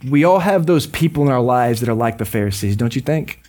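A man preaching a sermon as a pastor, conversational and joking with quick asides. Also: mid-range voice, expressive, darkish tone.

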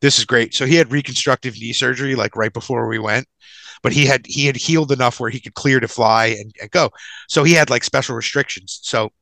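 A man's voice: medium pitch, fairly quick, pushed and bright, no room sound, poor audio. A man telling a long anecdote on a casual podcast, rambling and profane, full of restarts and asides. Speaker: podcast co-host.

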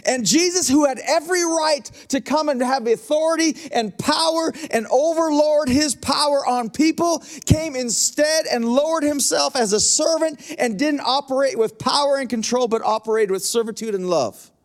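A man's voice: very high-pitched, normal speed, few pauses. A man preaching a passionate sermon as pastor, with emphatic repetitions and direct asides to his congregation.

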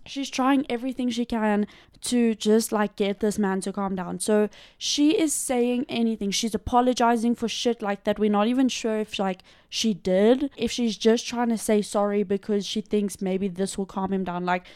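A woman's voice: mid-range voice, normal speed, a little mellow, smooth, dry recording, studio quality. A woman co-hosting a podcast, telling a true crime case in a loose, chatty way, full of "like" and casual swearing. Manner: loose and conversational, heavy use of "like" and swearing. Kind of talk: casual storytelling chat.

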